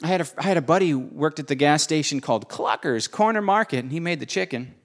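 Man, preaching, earnest, high-ish voice, soft to emphatic. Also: expressive, quick pace. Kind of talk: sermon.

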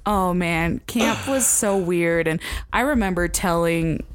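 A woman's voice: fairly low pitch, slow, smooth. A young woman, a former camp counselor, telling a story in casual chat, swearing freely and acting out quotes.

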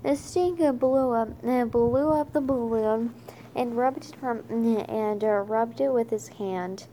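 A woman reading a children's chapter book aloud, halting often with fillers and restarts. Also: a little high, dark tone, a little hiss or hum. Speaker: reader.

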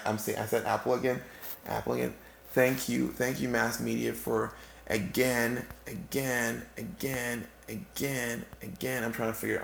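A man's voice: medium pitch, vocal fry, a little hiss or hum. A man delivering a rambling comedic monologue, full of asides and restarts. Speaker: comic storyteller. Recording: roomy, with faint background ambience.

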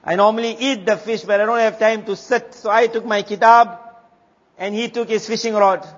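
Guy preaching, high voice, lots of back and forth questions, echoey hall, kinda muffled. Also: fairly even intonation, moderate pace, a bit bright. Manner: rhetorical, poses questions and answers them himself. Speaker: Islamic teacher. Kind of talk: sermon. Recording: reverberant lo-fi hall recording.

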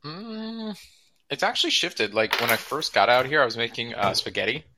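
A man chatting casually on a call, relaxed and rambling. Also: mid-range voice, moderate pace, a little hiss or hum, poor audio. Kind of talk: casual chat. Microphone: video call.

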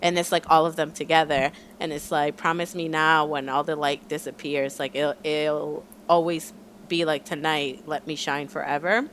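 A woman's voice: low-pitched, moderate pace, a little hiss or hum. A young woman chatting casually about music as a podcast co-host, bubbly and full of "like". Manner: bubbly, says "like" a lot, squeals in excitement.

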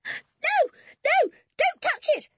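A woman voicing a timid young girl who squeals in fright, with a piercing, shrill tone. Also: wildly swooping pitch, measured pace, a bit bright, slightly rough, no room sound, highs cut off, heavily acted. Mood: horrified.

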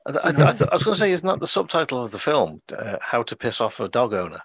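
A man's voice: medium pitch, big pitch swings, fast, fairly bright tone, slightly rough, no echo. Guy rambling on a podcast, lots of ums, dry close sound. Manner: rambling, with many fillers and restarts. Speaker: podcast host. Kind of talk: casual film chat.

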